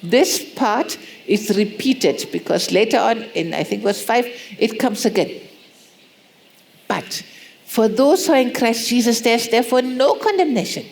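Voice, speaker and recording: A woman preaching a sermon, pressing points with repeated rhetorical questions and acting out soft prayers. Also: fairly high pitch, lively intonation, a little slow, gravelly, slight background noise. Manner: acts out prayers in soft pleading tones.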